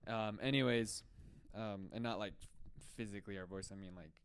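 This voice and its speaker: A man with a lowish, smooth and clear voice tells a story loudly and with animation. He talks casually, like a podcast co-host chatting with friends. The delivery is lively and full of energy. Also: normal speed.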